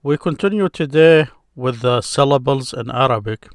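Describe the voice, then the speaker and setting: A man teaching a beginners' grammar lesson, explaining patiently and repeating syllables slowly for his learners. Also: mid-range voice, no echo, clean studio sound.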